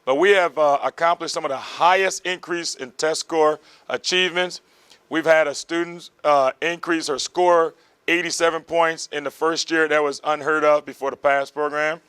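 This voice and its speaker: A man teaching medical exam material and describing his prep program, animated and vivid, acting out heart sounds. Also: a little high, moderate pace, clean tone, no echo. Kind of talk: lecturing and promotional interview.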